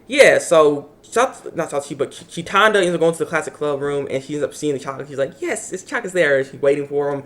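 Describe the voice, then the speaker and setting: Male anime reviewer, casual rambling recap, quick delivery. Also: fairly high pitch. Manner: rambling, animated, acts out characters' lines.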